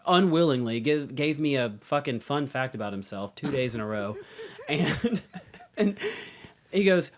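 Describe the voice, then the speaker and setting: A man's voice: a little high, expressive, normal speed. A young man co-hosting a podcast, teasing his friends and telling profane stories in casual chat. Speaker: podcast co-host.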